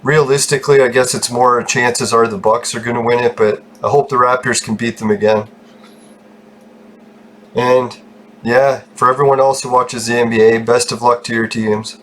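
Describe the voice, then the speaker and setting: A man's voice: mid-range voice, steady tone, moderate pace, a bit bright, slight background noise. A man hosting his own gaming channel, talking casually over gameplay, swearing freely and laughing often as he rambles.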